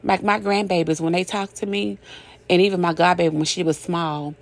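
A woman's voice: fairly low pitch, fairly even intonation, fairly quick. An older woman giving a casual inspirational talk, folksy, repetitive and emphatic, often laughing. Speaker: motivational speaker.

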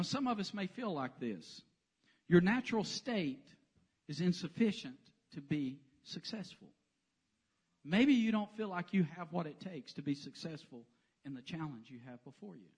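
Preacher guy in a sanctuary, animated and jokey, voice up high and all over. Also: measured pace, breathy edge. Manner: animated, joking storyteller. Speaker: pastor. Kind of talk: sermon. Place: church sanctuary.

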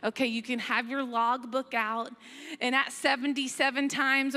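A woman's voice: sits high, level tone, moderate pace, sharp tone. A middle-aged woman preaching a sermon in a conversational way, reading scripture aloud with playful asides. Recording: long hall reverb, faint music.

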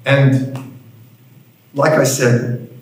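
A man's voice: medium pitch, level tone, very slow, a little hiss or hum. A male pastor preaching a sermon, telling a story with dry humor, recorded in a church hall. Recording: heavy room echo.

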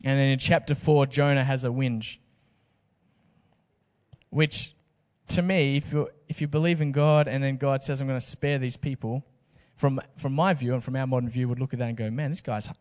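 A man preaching a sermon. He talks casually and jokes with slang asides, in a voice of ordinary pitch for a man. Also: steady tone, normal speed, in a large hall. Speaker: pastor.

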